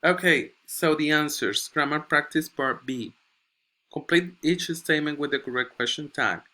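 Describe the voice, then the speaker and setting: A man's voice: fairly high pitch, moderate pace, sharp tone. A male English teacher giving a recorded grammar lesson. He reads textbook examples aloud and keeps checking in with "okay?".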